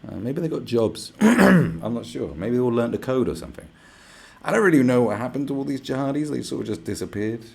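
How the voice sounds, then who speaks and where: A man's voice: mid-range voice, lively intonation, a little fast, creaky, darkish tone, husky. A young man ranting casually to camera, sarcastic and rambling, swearing often. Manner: swearing, rambling and sarcastic, slips into mock voices. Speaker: vlogger.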